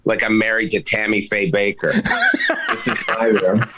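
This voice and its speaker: A man, a comedian guest on a video call, riffing crude deadpan bits and jumping into high-pitched put-on voices. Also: a little slow, heavy background noise. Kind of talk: riffing comic banter.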